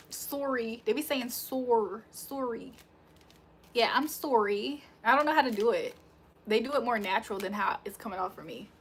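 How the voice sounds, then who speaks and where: Young woman, casual live-stream host; loose, jokey, quick to laugh; slightly high voice, faint hiss behind. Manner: laughs often, loose and joking with viewers. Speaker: livestream host reading chat. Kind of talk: casual livestream chat.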